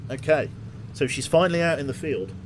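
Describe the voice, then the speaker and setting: A man casually commentating his game on a live stream, thinking out loud and talking to his chat. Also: fairly high pitch, a little fast, background noise. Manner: chatty, thinks aloud, talks to chat.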